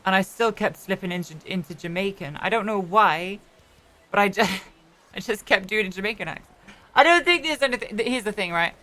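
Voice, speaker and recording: A woman's voice: mid-range voice, expressive, fairly quick, bright, forceful tone. A woman streamer chatting casually while roleplaying, rambling with many restarts and the odd swear. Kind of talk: casual chat.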